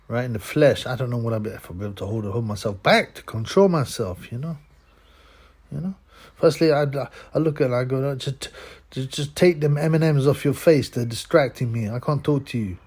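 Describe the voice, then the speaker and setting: Scornful ranting man, mellow voice. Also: medium pitch. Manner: crude, scornful, keeps tagging "man" and "yeah?". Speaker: channel host. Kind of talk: ranting monologue to camera.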